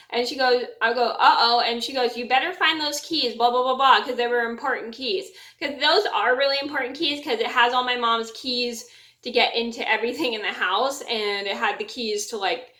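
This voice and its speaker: A woman's voice: a little high, bright, forceful tone, roomy sound. A woman vlogger at home telling a story to camera in a rambling way, restarting sentences and repeating her last word.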